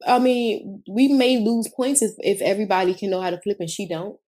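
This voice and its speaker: A woman's voice: mid-range voice, a little fast. A woman co-hosting a podcast and coaching cheer, telling stories in casual chat, acting out quotes and swearing freely. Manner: animated storytelling, acts out quotes, swears freely.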